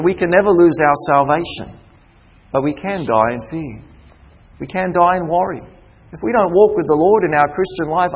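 Aussie pastor preaching, husky kinda voice, gets loud then goes real soft, big echoey hall. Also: male voice, on the high side. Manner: rises to emphatic preaching, drops to soft, intimate tones. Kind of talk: sermon. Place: church hall. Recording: reverberant hall.

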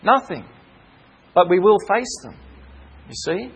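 A man's voice: high-pitched, very animated, breathy edge, rough recording. A man preaching a sermon, asking rhetorical questions and calling out for amens, drawing out key words and often stumbling over fillers. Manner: slows and stresses key words, with hesitant fillers. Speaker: pastor.

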